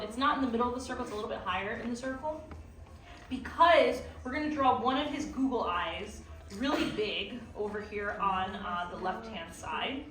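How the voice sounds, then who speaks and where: A woman's voice: fairly high pitch, fairly bright tone. Chatty woman teaching a drawing class. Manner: chatty, playful, lots of fillers. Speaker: art instructor. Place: theme park art classroom with audience. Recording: echoey room from far off.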